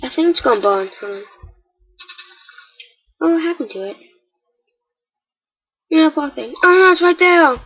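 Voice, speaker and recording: A woman giving casual, chatty commentary while playing a game, with excitable, startled exclamations. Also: high-pitched, a little slow, pauses often, muffled recording. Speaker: gamer.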